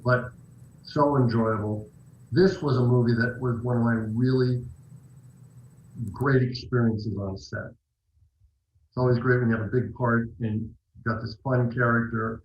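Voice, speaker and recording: A man's voice: medium pitch, steady tone, a little slow, echoey room, dull audio, a little hiss or hum. A man being interviewed as an actor guest, talking reflectively and telling stories with restarts. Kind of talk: casual interview talk.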